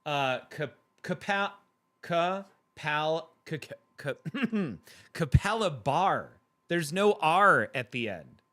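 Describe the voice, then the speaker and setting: Very slow yet animated, this man speaks on the high side with a sharp tone. He's hosting a livestream, reading chat and talking casually with viewers while laughing playfully and often.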